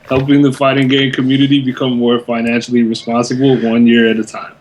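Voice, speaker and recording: Deadpan, flat-voiced sarcastic man. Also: mid-range voice, a little fast, few pauses, background noise. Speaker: guest. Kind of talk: sarcastic shout-outs on a podcast.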